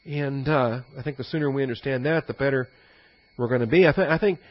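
A man's voice: medium pitch, fast talker, dry recording, dull audio. A man, a pastor, giving a conversational teaching sermon with frequent fillers and asides.

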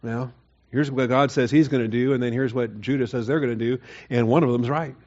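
A man's voice: mid-range voice, steady tone, brisk, darkish tone, highs cut off. A man preaching a Bible sermon in a conversational way, rising to emphatic, mocking quotes of the people. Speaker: pastor. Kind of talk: expository sermon.

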